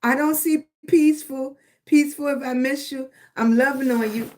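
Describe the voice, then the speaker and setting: A woman's voice: high voice, steady tone, moderate pace, a little mellow, a little hiss or hum. A middle-aged woman from Virginia, hosting a livestream, giving encouragement and greeting viewers affectionately by name, often asking "right?". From Virginia, USA. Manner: affectionate, calls listeners baby and sweetie, keeps asking "right?". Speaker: livestream host. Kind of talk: live-stream motivational talk and greeting viewers.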